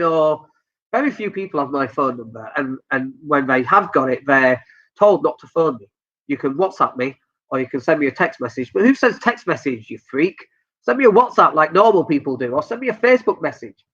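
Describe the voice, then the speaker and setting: A man's voice: on the high side, very animated, a little fast, a bit bright, lo-fi sound. A Northern English man giving blunt, joking business advice during a live stream. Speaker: business coach.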